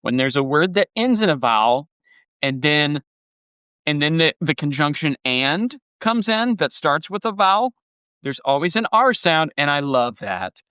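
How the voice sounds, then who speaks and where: A man co-hosting a music podcast in casual chat, enthusiastic and quick to laugh, reading song lyrics aloud and musing on them. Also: a little high, big pitch swings, pushed and bright, smooth, no echo. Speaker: podcast co-host.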